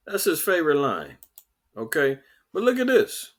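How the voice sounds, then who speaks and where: A man hosting a podcast, delivering animated, sarcastic political commentary with mocking asides. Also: fairly high pitch, moderate pace. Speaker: podcast host.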